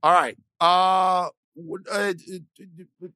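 Male podcast co-host: blunt, animated, stammery, swears casually, dry close mic. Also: high voice, takes it slowly, smooth, no echo.

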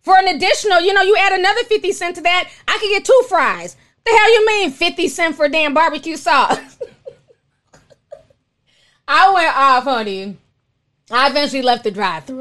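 High-pitched woman from minnesota chatting on her stream, animated, keeps saying honey. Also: moderate pace. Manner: animated, exclaiming, calls listeners honey. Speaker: live-stream host reading viewer chats. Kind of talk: casual storytelling chat.

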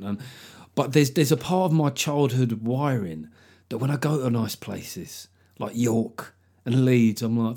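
Sweary comedian hosting a podcast. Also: male voice, medium pitch, slightly rough. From London. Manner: sweary, joking, lively storytelling. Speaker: podcast host and stand-up comedian. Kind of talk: solo podcast monologue.

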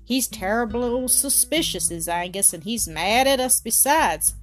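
A woman's voice: a little high, animated, unhurried. A woman voicing an earnest young Scottish farm boy who warns the others, speaking in country dialect. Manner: warning, earnest, uses dialect words. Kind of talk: storybook character voice.

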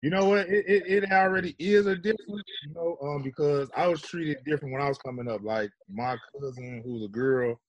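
A man's voice: fairly high pitch, brisk, few pauses, dry recording, lo-fi sound. A man telling stories about fatherhood in laid-back, slangy casual chat, often tagging on "you know what I'm saying.". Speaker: guest.

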